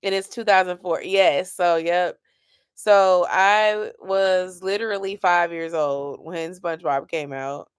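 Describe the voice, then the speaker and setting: A woman in her 30s hosts a late-night livestream, chatting casually and sleepily with viewers while yawning and laughing. Her voice is lowish and smooth, and she speaks at a slow pace.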